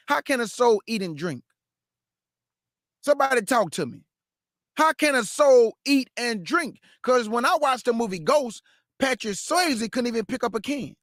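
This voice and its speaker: Man, very high voice, scripture teaching, emphatic, questioning, dry close sound. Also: very animated, a bit bright, dry recording. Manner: reads verse then stops to question it aloud; emphatic, drawn-out phrasing. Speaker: Bible teacher. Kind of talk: street-style scripture teaching.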